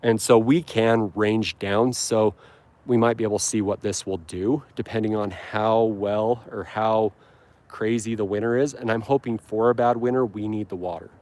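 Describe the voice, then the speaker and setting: A man's voice: lowish voice, fairly even intonation, moderate pace, darkish tone. A man hosting a casual lawn care live stream, rambling and upbeat with frequent ums and restarts, outdoors on his lawn. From Utah. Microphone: handheld phone camera.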